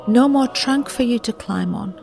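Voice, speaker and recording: A woman voicing a gentle, giving old apple tree, speaking softly and tenderly. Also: a little high, moderate pace, gravelly, faint music behind, pitched above the performer's own voice.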